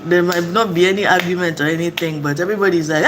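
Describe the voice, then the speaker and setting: A woman's voice: on the low side, rapid-fire, loud music behind the voice. A woman from Africa, a mother, telling stories casually and acting out voices with frequent laughter. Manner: animated, acts out voices, laughs often. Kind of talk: casual storytelling vlog.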